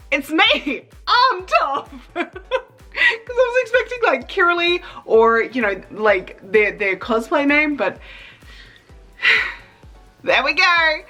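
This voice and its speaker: A young woman vlogging in a chatty, excitable way, fighting back tears as she talks. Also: fairly low pitch, poor audio. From Australia. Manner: chatty, excitable, emotional, trying not to cry. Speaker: cosplay vlogger. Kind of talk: casual vlog talk.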